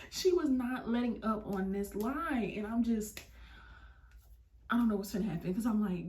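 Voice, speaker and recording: A young woman vlogger telling a story, animated and slangy. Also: on the high side, normal speed. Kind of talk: storytime vlog. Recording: roomy, mic at a distance.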